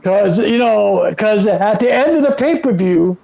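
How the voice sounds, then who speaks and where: Guy with a high gravelly voice hyping up wrestling stuff, swears a lot, dull lo-fi sound. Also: a little slow, crowd noise. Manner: animated, profane storytelling. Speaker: podcast co-host. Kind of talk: casual wrestling chat.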